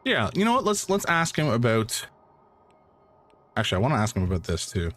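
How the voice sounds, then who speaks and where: A man's voice: mid-range voice, big pitch swings, a little fast, fairly bright tone. A man, streaming a game and thinking aloud in rambling commentary. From Canada. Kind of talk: let's play commentary.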